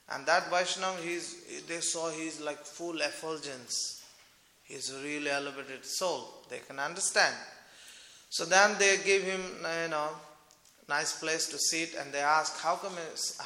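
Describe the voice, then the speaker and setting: A man's voice: a little high, sharp tone. A man telling a devotional story in a loose, conversational way, with frequent fillers. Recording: echoey hall with long reverb.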